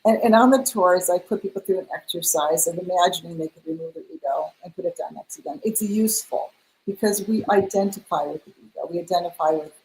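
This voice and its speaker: A woman's voice: lowish voice, quick pace, slight background noise, low-quality recording. A middle-aged woman, a spiritual mentor, telling a personal story in an interview, acting out the dialogue she quotes. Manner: animated, acts out quoted dialogue.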